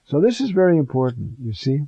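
A priest preaching an informal homily, conversational and digressive, often pausing with fillers and asides. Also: male voice, medium pitch, sing-song, gravelly, dark tone, slightly rough, no echo, lo-fi sound.

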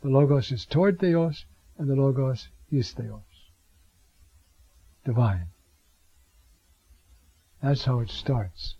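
A man teaching scripture in a reflective way, with frequent rhetorical asides and drawn-out readings of Greek phrases. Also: mid-range voice, animated, warm tone, breathy edge, dry recording. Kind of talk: bible teaching talk. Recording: dull lo-fi sound.

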